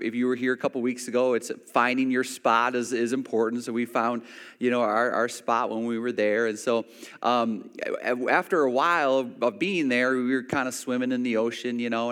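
A man's voice: medium pitch, fairly bright tone, clear, resonant tone, long reverb tail. A man preaching a sermon, telling a personal story with many restarts and acted-out quotes. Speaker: pastor.

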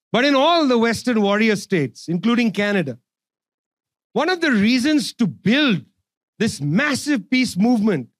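High-voiced man giving a fiery speech. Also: no room sound, studio quality. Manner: sarcastic, emphatic, repeats phrases. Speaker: public speaker. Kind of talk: impassioned political speech.

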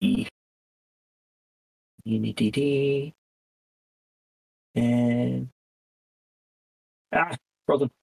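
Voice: medium pitch, steady tone, drawn-out words, vocal fry, pauses often, dark tone, slightly rough, no echo, clean studio sound. A player describing their character's actions in a tabletop game, loosely and with many hesitations. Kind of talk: casual tabletop game play.

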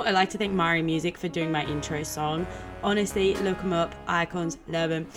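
Chaotic aussie girl, 22, low voice, swears a ton, faint music behind. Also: fairly quick. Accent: Australian. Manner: excitable, chaotic, swears a lot, swings into silly voices. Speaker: podcast host and comedian. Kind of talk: casual chat.

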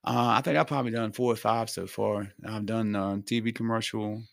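A man's voice: on the low side, fairly even intonation, fairly quick, gravelly, dry recording, clean studio sound. A man, a guest on a talk show, chatting casually and rambling with lots of fillers and restarts. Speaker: guest, singer, actor and wrestler. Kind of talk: casual chat.

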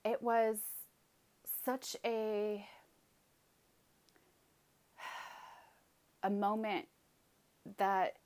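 A woman's voice: mid-range voice, flat delivery, very slow, long pauses, a little mellow. A woman telling a personal story with emphatic, vivid retelling, acting out her own outbursts.

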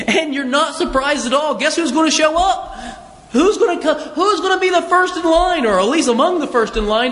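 A man's voice: very high-pitched, fairly bright tone, in a large hall. A man preaching a sermon as pastor, talking conversationally with rhetorical questions and repeated words.

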